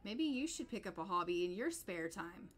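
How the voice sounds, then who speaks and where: A woman's voice: mid-range voice, big pitch swings, normal speed, close to an everyday voice. A woman voicing a teenage girl who snaps back defensively at her brother, narrating a life-sim game. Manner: defensive, snappy.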